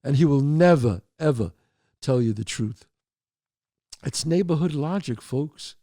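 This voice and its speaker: A man's voice: fairly high pitch, a little slow, no room sound, clean studio sound. A man hosting a show, telling neighborhood stories and giving advice, calling his listeners folks with emphatic asides. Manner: animated storyteller with emphatic asides. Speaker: host.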